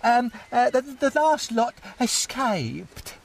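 A man's voice: extremely high pitch, big pitch swings, slow pace, vocal fry, exaggerated voice. A man voicing a clumsy, cheerful male apple farmer in a cartoon who laughs a lot and stammers when flustered. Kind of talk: cartoon voice acting. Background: loud background music.

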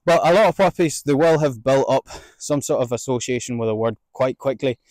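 A man training a sheepdog outdoors, explaining each step and calling out drawn-out commands to his dog between explanations. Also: medium pitch, darkish tone, no room sound. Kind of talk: outdoor instructional demonstration.

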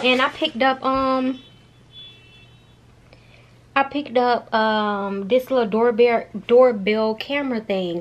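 A young woman vlogs casually in a slightly high voice, with a little background noise. She's chatty and candid, swears freely, and calls her viewers "girl" and "y'all."

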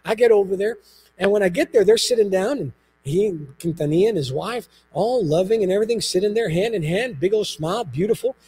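A man, a pastor, preaching a sermon in a church, telling stories with lively emphasis and repeated phrases. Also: sits high, fairly quick, slightly rough. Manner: animated storytelling with emphatic repetition.

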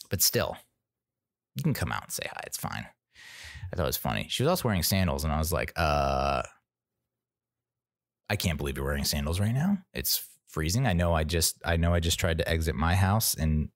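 A man's voice: low voice, no echo, studio quality. A man hosting a podcast, telling a rambling, profane story in casual monologue and acting out what people said. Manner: rambling storytelling, acts out quoted voices, swears. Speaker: podcast host.

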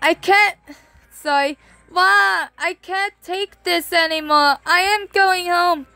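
A jumpy teenage girl heroine whines and cries out in a high, girlish voice, as a woman reading a manga puts her on. She speaks slowly and leans into every complaint. Faint music sits behind her. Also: dry recording, full character voice. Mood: whiny. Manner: whiny and excitable, prone to cries. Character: Usagi, whiny teenage girl heroine, easily scared.

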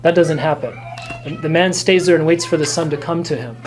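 A man, a priest teaching a catechism class, explaining gently and earnestly with fillers and restarts. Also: a little high, brisk, faint music behind, low-quality recording. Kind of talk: catechism lecture. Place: church classroom.

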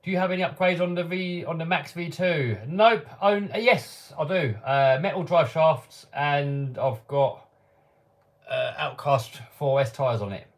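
A man's voice: fairly high pitch, a little slow. A man hosting a casual live-stream Q&A from his home workshop, reading out viewer questions and answering offhand with the odd chuckle. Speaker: channel host answering live chat.

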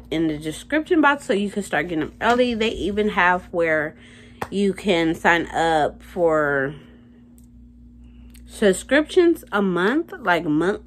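A woman chatting casually to her viewers as she goes through coupons one by one, animated and talking straight to the camera. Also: lowish voice. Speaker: couponing vlogger.

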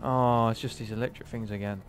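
A young man streaming a game live, excitable and swearing often, talking to the creatures on screen. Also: lowish voice, fairly quick, a little hiss or hum. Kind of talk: live gameplay commentary.

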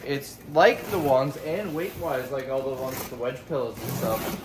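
A man's voice: medium pitch, expressive, moderate pace, noisy background. A man giving casual, joking commentary while unboxing items for resale, thinking aloud as he goes. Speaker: reseller vlogger.

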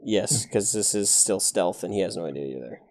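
A man's voice: sits low, expressive, normal speed, darkish tone. A man running a tabletop roleplaying game as game master, talking casually with fillers.

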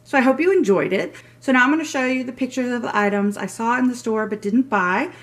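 A middle-aged woman talks fast in a fairly high voice as she presents her shopping haul in a laid-back vlog. She enthuses about every item and keeps slipping into rambling side comments.

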